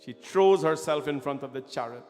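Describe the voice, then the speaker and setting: A man's voice: fairly high pitch, normal speed, a little mellow. A man telling a devotional story as a sermon, impassioned and often calling his listeners friends. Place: temple hall. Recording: reverberant hall with faint music.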